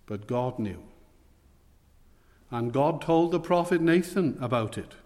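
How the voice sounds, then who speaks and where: A man's voice: fairly high pitch, darkish tone. Earnest male preacher, weighty sermon delivery in a reverberant hall. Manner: earnest, emphatic, slows for weight.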